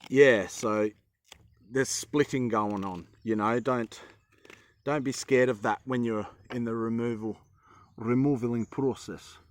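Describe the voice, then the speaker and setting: Australian man, young adult, casual carving lesson, rambling, joking, mid pitch. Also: steady tone, a little slow. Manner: rambling, chatty, self-deprecating humor. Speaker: woodcarving teacher. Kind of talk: casual instructional talk while carving.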